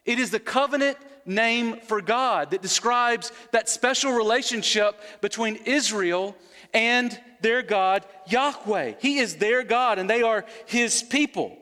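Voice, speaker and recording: A man's voice: very high-pitched, a little slow, pushed and bright, long reverb tail. A man preaching an expository sermon, earnest, repeating words for emphasis and putting questions to his listeners.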